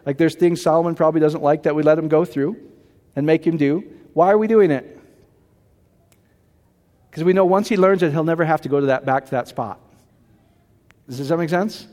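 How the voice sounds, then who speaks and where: A man's voice: fairly high pitch, normal speed, pauses often, darkish tone, in a large hall. A man preaching a sermon in a conversational way, often turning to the congregation with questions. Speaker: pastor.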